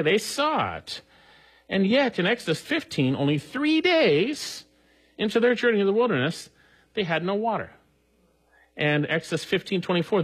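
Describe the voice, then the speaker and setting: A man's voice: a little high, breathy edge, poor audio. A male pastor preaching a sermon, earnest, with emphasis that rises and falls.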